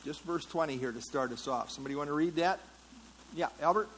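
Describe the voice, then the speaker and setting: A man's voice: a little high, fast talker, fairly bright tone, a little hiss or hum, poor audio. A man leading an interactive Bible study, explaining a passage in a conversational way and putting questions to the class. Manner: conversational, asks the class questions, frequent fillers. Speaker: Bible teacher.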